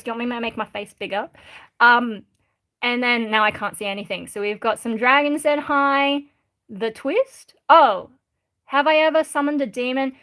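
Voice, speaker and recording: An Australian woman from Sydney chatting casually on a livestream, reading out viewer comments in a rambling, candid way with many pauses. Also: a little high, sharp tone. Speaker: livestream host.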